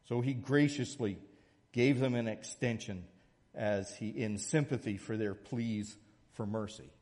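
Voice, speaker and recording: A man preaching a sermon, moving between a soft prayer and a lively illustration. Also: fairly low pitch, a little slow, big-room sound. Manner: storytelling, shifts from soft prayer to lively anecdote. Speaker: pastor.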